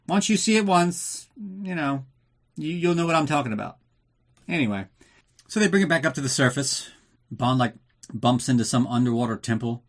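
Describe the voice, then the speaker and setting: A man's voice: mid-range voice, a little fast. A man hosting a podcast, recapping a film in a casual, sarcastic way, swearing often and acting out the characters in jokey voices. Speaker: podcast host.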